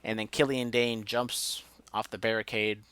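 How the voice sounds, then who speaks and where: A man's voice: fairly low pitch, flat delivery, moderate pace, a bit bright, clear, resonant tone, dry recording. A man casually recapping a wrestling show as a podcast co-host, joking and ranting with mock outrage.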